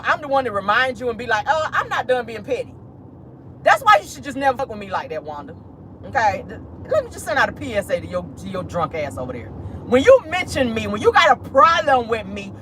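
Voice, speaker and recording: Woman host doing petty, sassy commentary from her car, very animated voice, light outdoor hum. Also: a little high. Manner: sassy, petty, talks straight to viewers with lots of "honey" and "y'all". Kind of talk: casual commentary vlog from a car. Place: parked car.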